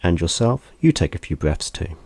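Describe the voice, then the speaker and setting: A man teaching a gentle hand massage, speaking in a soft, unhurried, calm instructional way. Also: sits low, creaky, no room sound.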